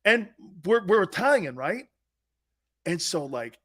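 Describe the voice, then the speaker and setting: A middle-aged man hosting a sports talk show, telling stories loudly and laughing often. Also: high-pitched, big pitch swings, a little slow, pauses often. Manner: loud, laughing, impersonates family in quotes. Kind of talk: animated sports talk storytelling.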